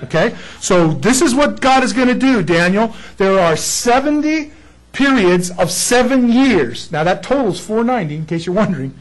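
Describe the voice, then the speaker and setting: A middle-aged male Bible teacher with a notably high voice delivers an excitable sermon. He keeps checking that his listeners follow along. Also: normal speed, poor audio.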